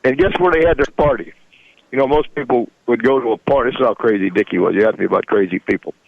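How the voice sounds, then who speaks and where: A man's voice: mid-range voice, quick pace, creaky, dry recording, phone-quality sound. A man in his sixties, a radio show guest, telling rambling stories in folksy grammar and chuckling often. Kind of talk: casual storytelling.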